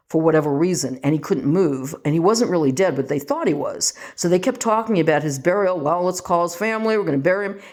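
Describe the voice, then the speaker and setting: A woman's voice: fairly low pitch, darkish tone. An older woman from the western United States, filming a rambling, self-mocking home vlog and reading aloud from a label. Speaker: vlogger.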